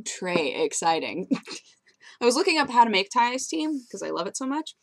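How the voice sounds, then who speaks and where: A woman's voice: a little high, big pitch swings, normal speed, creaky. A young woman vlogging casually into her webcam, telling rambling stories with frequent giggles. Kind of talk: casual chatty vlog.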